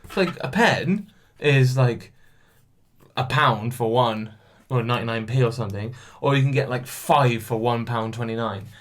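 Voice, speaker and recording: A man's voice: mid-range voice, normal speed. A young man hosting a solo podcast, chatty and self-mocking, telling stories with some swearing, alone in a room. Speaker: podcast host. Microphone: camera.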